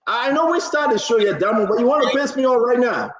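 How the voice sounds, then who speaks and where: A man hosting a political talk show, excitable and mocking, laughing often and repeating his words. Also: very high voice, quick pace, very noisy. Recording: roomy, dull lo-fi sound.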